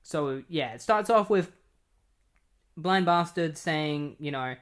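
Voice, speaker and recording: Retelling a comic book's story in a loose, rambling fashion, this man speaks slowly with frequent pauses in a fairly high, smooth, a bit bright voice. He's animated and incredulous, leans on filler, and keeps saying he is not kidding.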